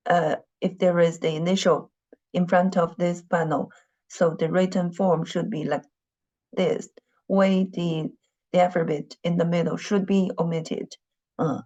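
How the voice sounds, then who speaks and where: A woman teaching Mandarin tones speaks slowly and patiently in a lowish, dark voice, her first language being Mandarin Chinese. Each point gets repeated, many "you know"s crop up, and the recording is dull and lo-fi.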